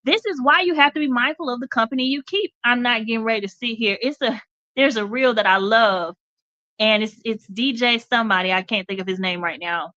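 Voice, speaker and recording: A woman's voice: a little high, brisk, pushed and bright, no room sound, dull audio. Direct woman talk show host. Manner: direct, emphatic, checks in with "okay?". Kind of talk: motivational talk.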